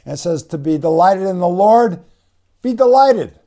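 Gravelly, mellow man teaching scripture. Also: high-pitched. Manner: conversational, many fillers and restarts; spells out Greek words slowly. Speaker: preacher. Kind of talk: bible teaching sermon.

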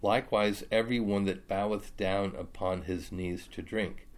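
A man's voice: fairly low pitch, steady tone, normal speed. A man teaching a Bible study, reading scripture aloud and then explaining it casually.

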